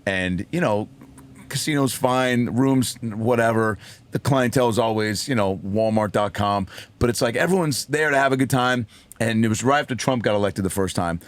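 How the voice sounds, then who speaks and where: A man, a comedian, telling a story in a casual podcast chat, animated, acting out voices and swearing freely. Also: medium pitch, moderate pace, no room sound. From raised by a single mother. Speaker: comedian guest.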